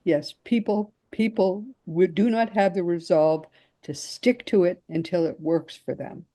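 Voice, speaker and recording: A woman's voice: fairly low pitch, mellow, dry recording. A woman hosting a podcast, chatting casually and encouragingly with her guest. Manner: encouraging, quick to laugh and agree. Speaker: podcast host.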